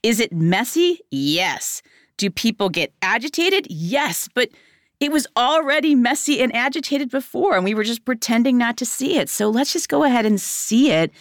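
A woman's voice: fairly high pitch, animated, moderate pace, no echo, clean studio sound. A woman who is a teacher and a parent, talking in a casual conversation in an emphatic way with rhetorical questions.

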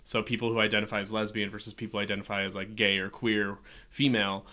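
A man co-hosting a podcast, chatting casually and telling an animated story with lots of fillers. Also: fairly low pitch, quick pace. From Omaha, Nebraska. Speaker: podcast co-host. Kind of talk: casual chat.

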